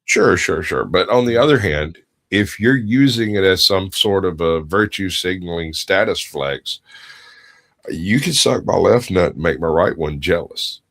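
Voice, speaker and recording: A man's voice: sits low, expressive, unhurried, a bit bright. A middle-aged man, co-hosting a podcast and telling crude stories in casual chat, laughing often. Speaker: podcast co-host.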